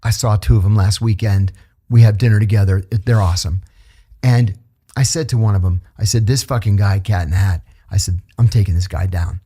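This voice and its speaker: A man's voice: fairly low pitch, fairly quick, slightly rough. A middle-aged man in a casual podcast interview, telling stories and acting out the voices of the people he quotes. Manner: animated storyteller who acts out the quoted voices. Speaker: interview guest, former intelligence officer.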